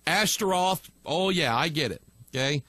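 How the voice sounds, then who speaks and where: A man's voice: fairly high pitch, animated, moderate pace, sharp tone, no room sound. A male pastor teaching online, reading viewer messages aloud and answering them bluntly and with emphasis.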